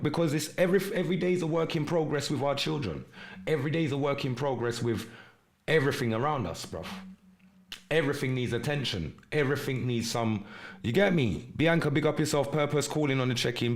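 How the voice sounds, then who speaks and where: A man hosting a live stream podcast, delivering an urgent, preachy monologue in street slang and shouting out viewers in the chat. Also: medium pitch. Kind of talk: impassioned livestream monologue with chat shout-outs.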